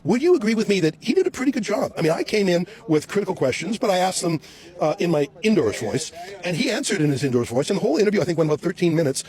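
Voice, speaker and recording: A man reporting outdoors on the street, loudly and sarcastically firing questions at police officers. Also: high-pitched, sing-song, racing, a crowd in the background.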